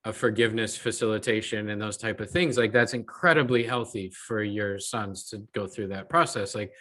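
A man's voice: lowish voice, normal speed, a bit bright. A man hosting an interview podcast, talking in a reflective, candid and casual way. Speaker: podcast host. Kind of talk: conversational interview.

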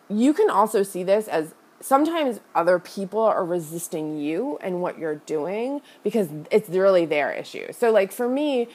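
A woman with a fairly low voice that rises and falls a great deal tells a personal story as a podcast host. Her talk is casual and chatty, packed with "like" and "you know". She speaks to her listeners directly, in a confessional tone. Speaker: podcast host and business coach.

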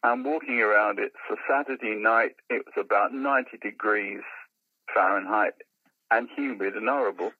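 An older man, a musician and comedian telling an anecdote as a podcast guest, an animated raconteur. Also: lowish voice, moderate pace, breathy edge, no room sound, narrow, tinny audio. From London. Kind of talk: anecdotal storytelling in casual chat.

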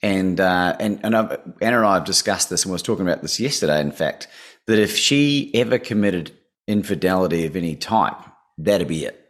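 A man co-hosts a podcast and coaches on the side. He talks frankly and rambles a bit. His voice sits low, with lively swings in pitch. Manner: frank, rambling, quick to laugh. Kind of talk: casual podcast chat.

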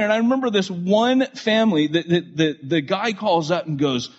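Husky-voiced man telling church stories. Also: high-pitched, normal speed, few pauses. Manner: animated storyteller with many restarts and asides. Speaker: pastor. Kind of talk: storytelling sermon to a live audience. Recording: dull lo-fi recording.

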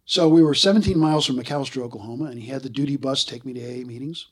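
Husky older man telling stories. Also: mid-range voice, very fast. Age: 60s. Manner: animated, acts out quoted voices. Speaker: interview guest. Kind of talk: casual storytelling interview.

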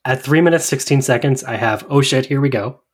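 Podcast co-host, male, husky voice, wry deadpan humor. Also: mid-range voice, brisk. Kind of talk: casual chat.

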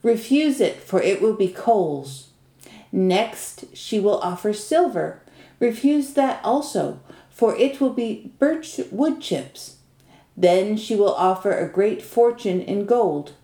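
A woman's voice: medium pitch, lively intonation, takes it slowly, mellow, reverberant. A woman voicing a magical young snake maiden who urgently begs and then gives earnest advice. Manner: imploring, urgent.

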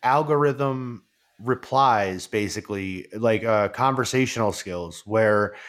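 A man hosting a podcast in casual chat, rambling and excitable with lots of fillers and swearing. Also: on the low side, slow. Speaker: podcast host.

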